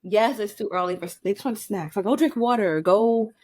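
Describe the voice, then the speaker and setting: A woman's voice: medium pitch, steady tone, brisk, darkish tone, no echo. Woman, 30s, podcast co-host: blunt, exasperated, swears freely, dry booth sound. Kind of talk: casual chat.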